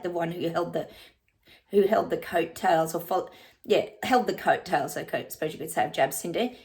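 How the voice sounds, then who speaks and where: A woman giving a casual psychic reading, chatting to her viewers as "guys" and breaking into bits of song. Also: fairly low pitch. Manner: breaks into short bits of song and laughs often.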